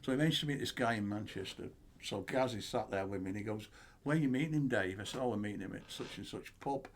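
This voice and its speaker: A man, a co-host telling animated stories in casual chat and acting out the dialogue. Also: on the low side, fast talker, slight background noise. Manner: animated anecdote-teller, acts out dialogue.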